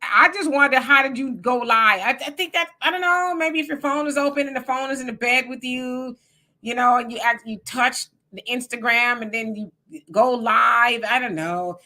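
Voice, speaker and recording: Middle-aged black-woman, bright voice, chatty, reads out chat comments. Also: fairly high pitch, moderate pace. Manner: reads viewer comments aloud, chatty and teasing. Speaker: livestream co-host. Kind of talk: casual live-chat commentary.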